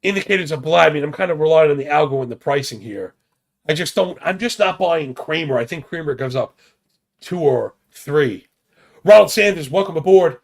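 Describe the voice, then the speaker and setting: Male betting podcast host, casual and stat-heavy, a bit of fry in the voice. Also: a little high, lively intonation. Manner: rapid stat-heavy banter with slang.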